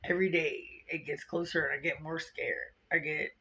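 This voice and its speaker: A woman's voice: steady tone, normal speed, bright, forceful tone. A tearful woman vlogging confessionally, blunt, profane and rambling. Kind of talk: confessional vlog. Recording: lo-fi low-quality video recording.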